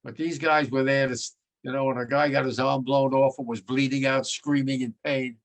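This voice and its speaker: Veteran in his nineties, gravelly voice, giving plain, vivid war testimony. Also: level tone, normal speed. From United States. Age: 90s. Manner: blunt and vivid, voice sinks low and quiet when moved.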